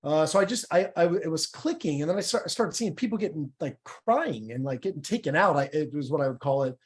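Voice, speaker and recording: A man's voice: fairly high pitch, expressive, a little fast. A middle-aged man sharing his personal testimony in a conversational church interview, candid and emotional, often stumbling and repeating words.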